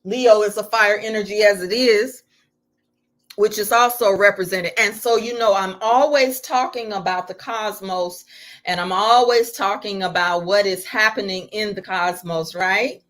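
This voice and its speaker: A woman's voice: mid-range voice, steady tone, unhurried, fairly bright tone. A middle-aged woman teaching on spirituality in a live stream, preacherly and full of rhetorical questions.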